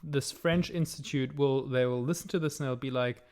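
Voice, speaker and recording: A man's voice: mid-range voice, moderate pace, a little mellow. A young man co-hosting a comedy podcast, rambling through explanations with lots of fillers. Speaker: podcast co-host. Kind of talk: casual comedic chat.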